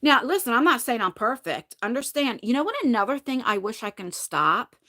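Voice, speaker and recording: Chatty woman vlogger, bright and slightly high voice, emphatic, casual live talk. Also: big pitch swings, a little fast. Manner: chatty, emphatic, frequent "you know what I mean". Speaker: beauty vlogger. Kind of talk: casual chat to a live audience.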